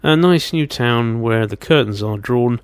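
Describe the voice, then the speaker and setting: A man's voice: medium pitch, unhurried, faint music behind. A man hosting a radio show, talking in a chatty, wry way with teasing asides. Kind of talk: casual radio DJ patter.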